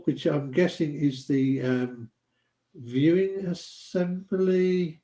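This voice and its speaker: A man's voice: a little high, very slow, warm tone. New man explaining in an echoey room. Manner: explanatory, stumbles over French terms. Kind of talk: casual group chat over a shared screen.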